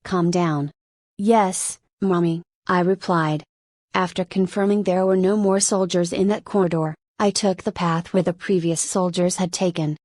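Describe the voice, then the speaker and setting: Low-voiced woman reading a novel. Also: fairly even intonation, moderate pace, darkish tone, no echo. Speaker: audiobook narrator. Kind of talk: first-person light novel audiobook narration.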